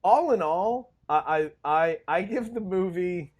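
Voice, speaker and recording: A man co-hosting a movie review podcast, chatting casually with a lot of ups and downs in his voice. He jokes around and laughs often as he talks, and his pitch sits a little high for a man. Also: unhurried. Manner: laughs often, joking and excitable. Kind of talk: casual chat.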